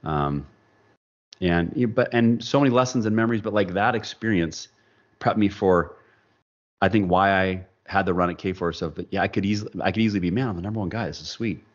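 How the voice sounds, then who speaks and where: A man's voice: low voice, brisk, lo-fi sound. A man telling a personal story as a podcast guest, acting out the people he quotes. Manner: animated storyteller, acts out quoted dialogue. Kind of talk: storytelling in casual interview.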